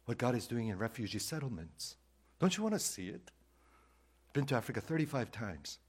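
A male pastor preaching a sermon, swinging between loud emphatic lines and hushed whispers, repeating key phrases for emphasis. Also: mid-range voice, big pitch swings, fairly quick, slightly rough.

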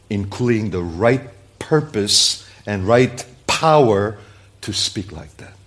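A male pastor preaching a sermon, stacking up rhetorical questions and speaking straight to his listeners, rising to loud emphatic peaks and then dropping to quiet, low endings. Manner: addresses listeners directly as "people".

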